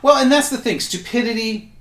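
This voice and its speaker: A man co-hosting a casual podcast discussion, making quick witty quips. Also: extremely high pitch, fairly bright tone. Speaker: podcast co-host. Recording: roomy echo.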